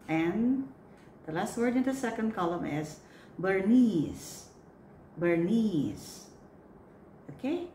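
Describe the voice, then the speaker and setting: A woman coaching church readers on pronunciation. She says each word slowly and clearly, then repeats it. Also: mid-range voice, warm tone. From Philippines. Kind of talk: pronunciation drill, slow and repeated. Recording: echoey room with faint noise.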